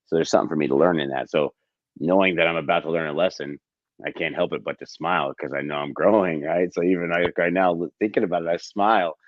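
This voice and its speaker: A man speaking as a guest on a casual podcast, telling candid, profane stories in an animated way. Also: low voice, fast talker, muffled recording, a little hiss or hum.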